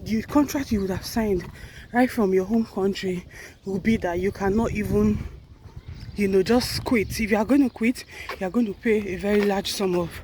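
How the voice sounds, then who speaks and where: A woman's voice: mid-range voice, noisy background. A woman vlogging while walking outdoors, a little out of breath, chatting earnestly and correcting herself as she goes. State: slightly out of breath. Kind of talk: casual walking vlog.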